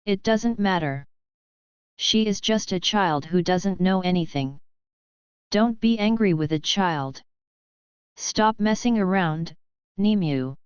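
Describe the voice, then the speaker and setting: A woman's voice: on the low side, lively intonation, slow pace, pauses often, clear, resonant tone, no echo. A woman reading the lines of a balding middle-aged man who is soothing himself after losing his beloved car. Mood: upset. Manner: choked, self-soothing.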